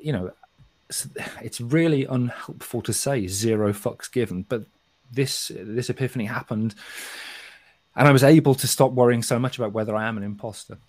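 A middle-aged man from England with a softened West Midlands accent, talking frankly and swearing often as a podcast co-host. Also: mid-range voice, normal speed, no echo. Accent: softened West Midlands English. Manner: frank and sweary, with frequent restarts. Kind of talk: casual podcast chat.

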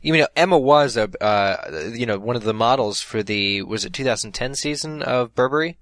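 A man's voice: medium pitch, lively intonation, normal speed, a bit bright, no room sound. A man co-hosting a casual chat about films, rambling with many restarts and fillers.

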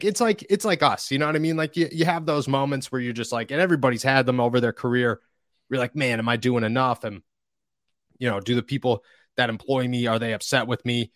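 A man's voice: mid-range voice, a bit bright, no room sound, studio quality. A young man hosting a casual sports podcast, talking loosely and acting out voices of the people he quotes. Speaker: podcast host.

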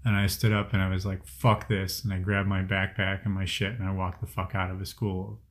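A man in his thirties from the Chicago area, telling personal stories in a casual group conversation, cursing often and getting louder as he gets angry. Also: low-pitched, monotone, a little fast. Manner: profane, heated storytelling, voice rising when angry. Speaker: guest sharing personal stories.

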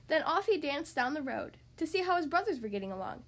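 High-voiced woman reading a children's story. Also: quick pace. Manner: expressive, lively storytelling. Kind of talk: children's story read aloud.

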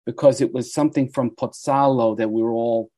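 A man in his sixties from the United States, a guest telling animated stories in an interview. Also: mid-range voice, brisk, dry recording. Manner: animated storyteller who acts out quoted voices. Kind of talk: storytelling interview.

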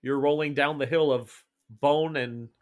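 A man running a tabletop horror game as game master, narrating slowly and deliberately. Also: on the high side, fairly even intonation. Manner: slow, deliberate descriptive narration.

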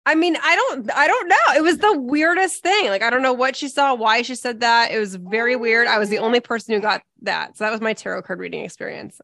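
A woman's voice: a little high, a little fast, gravelly, hardly any pauses, sharp tone, dry recording. A woman co-hosting a podcast, telling a story in casual chat and often breaking into giggles. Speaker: podcast co-host.

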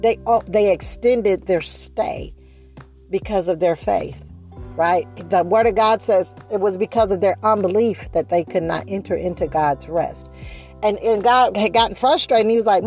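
A woman preaching a sermon, speeding up and slowing down, stressing and repeating her phrases. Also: medium pitch, a little mellow, soft background music. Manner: preaching with shifting pace, rising emphasis and repeated phrases.

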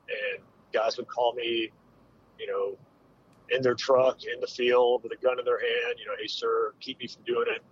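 A man in his forties, a military veteran, telling a hard personal story with candid, halting speech and many fillers. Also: medium pitch, slightly rough, lo-fi sound. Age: 40s.

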